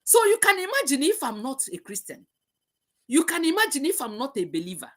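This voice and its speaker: A woman's voice: sits high, huge pitch swings, fairly quick, fairly bright tone. A middle-aged woman hosting a live talk, speaking passionately and repeating herself as she preaches. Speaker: host. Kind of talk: emotional live-stream talk.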